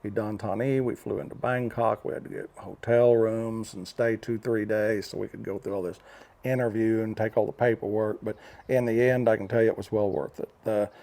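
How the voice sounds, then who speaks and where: Mellow-voiced older American man vlogging. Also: lowish voice, fairly even intonation, a little fast, creaky. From United States. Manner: rambling storytelling with fillers and restarts. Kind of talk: casual talking-head vlog.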